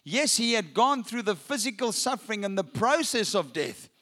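A male pastor delivers an Easter sermon to a church congregation. His voice sits high for a man, and he slows down and pauses to let key lines land. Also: very animated, pushed and bright. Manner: preaching with dramatic pauses, slowing for emphasis. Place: church with a balcony.

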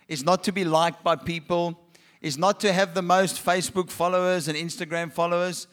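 High-voiced preacher. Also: male voice. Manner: energetic, rhythmic repetition, acts out examples. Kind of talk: sermon.

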